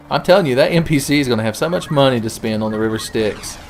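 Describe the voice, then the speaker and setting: A man's voice: mid-range voice, fast, few pauses, faint music behind. A young man giving profane, jokey commentary while playing a strategy game, slipping into silly voices. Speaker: gaming channel host. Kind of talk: let's play commentary.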